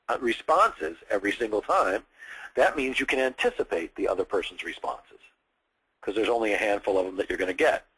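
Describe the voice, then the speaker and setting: A man with a lowish, fairly bright, slightly rough voice leads a sales training seminar, and the audio quality is poor. He lectures enthusiastically with lots of rise and fall in his inflection. His delivery stays conversational, with frequent restarts.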